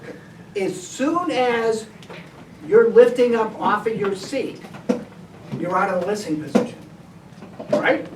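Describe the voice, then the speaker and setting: A woman's voice: medium pitch, normal speed, long pauses. A woman teacher leading a classroom behavior lesson, giving directive step-by-step instructions. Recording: echoey room, distant mic, background noise.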